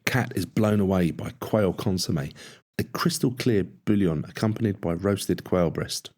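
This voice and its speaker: A man with a very deep voice narrates an audiobook. His delivery is steady and measured, in scripted storytelling.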